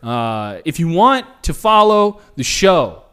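A man's voice: a little high, big pitch swings, takes it slowly, a bit bright, clean tone. A young man hosting a podcast, chatting casually with restarts and disbelieving asides. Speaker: podcast host.

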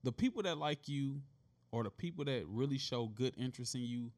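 A man's voice: medium pitch, lively intonation, brisk, a little mellow. A tipsy man co-hosting a laid-back talk show, rambling and joking with many fillers. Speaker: podcast co-host. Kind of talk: casual chat.

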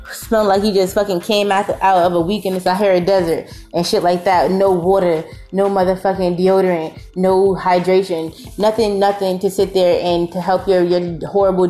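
A woman's voice: mid-range voice, warm tone. A woman hosting a podcast, delivering an emphatic, exasperated, profane comedic rant full of repeated rhetorical questions. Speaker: podcast host.

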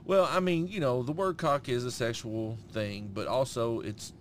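A man's voice: medium pitch, normal speed, a little hiss or hum. A middle-aged man co-hosting a podcast, telling a story in casual chat with heavy swearing. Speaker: podcast co-host.

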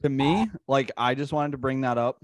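A man's voice: mid-range voice, fairly even intonation, moderate pace, dry recording, clean studio sound. A man hosting a podcast, chatting loosely and rambling with lots of fillers. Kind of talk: casual chat.

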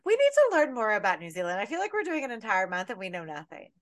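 A woman co-hosting a horror podcast in casual chat. She talks with animated energy and swears freely through her rants. The recording is dry and close. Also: medium pitch, fast, dry recording. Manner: animated, profane, ranting. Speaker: podcast co-host.

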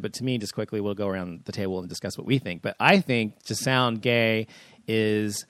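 A gay man leads a casual round-table talk, voice sitting at a middling pitch and recorded dry and close. He rambles and fills pauses with ums while steering the questions to his co-hosts. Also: smooth, no room sound. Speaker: podcast host. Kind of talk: casual group discussion.

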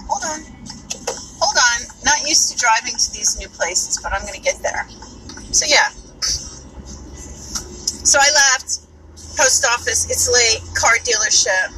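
A woman's voice: a little high, expressive, unhurried, long pauses, over music, rough recording. A woman with a New York accent chatting casually while she drives, rambling and swearing freely, speaking as a podcaster. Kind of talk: casual chat while driving. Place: inside a moving car. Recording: car road noise behind. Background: car and road noise.

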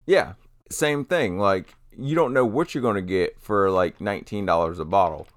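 A man's voice: fairly low pitch, normal speed, no room sound, studio quality. A man co-hosting a casual podcast, laid-back and swearing casually, often trailing off and restarting. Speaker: podcast co-host.

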